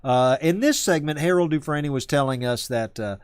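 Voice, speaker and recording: A man's voice: a little high, animated, moderate pace, clear, resonant tone, dry recording, clean studio sound. Rambling male host. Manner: rambling, self-correcting. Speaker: show host. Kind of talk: casual live-stream chat.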